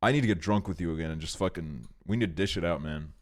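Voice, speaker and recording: Speaking fast in a low-sitting voice, a young streamer tells long stories in casual, rambling chat full of filler words and profanity.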